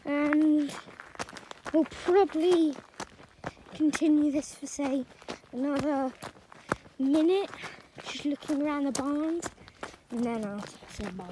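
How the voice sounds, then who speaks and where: High-voiced woman vlogging outdoors. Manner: rambling, chatty, joking asides. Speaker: nature vlogger. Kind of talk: casual walking vlog narration. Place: outdoors on a countryside walk. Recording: noisy outdoor recording. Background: rural outdoor noise, birds.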